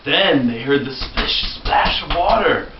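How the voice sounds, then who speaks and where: Guy spinning a silly princess story for little kids, slow and playful, sounds far off in an echoey room with lots of hiss. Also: fairly high pitch, expressive. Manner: playful, chuckling often. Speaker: uncle telling a story to young children. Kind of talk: playful made-up fairy tale storytelling. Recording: distant, muffled, echoey, loud hiss.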